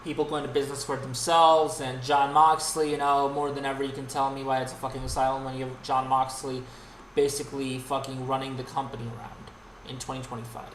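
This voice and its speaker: A man's voice: medium pitch, little pitch movement, a little fast, a bit bright. A man hosting his own livestream, ranting in a profane, exasperated way, often restarting his sentences. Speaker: streamer and host. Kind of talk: unscripted rant on a livestream. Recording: roomy with faint background noise.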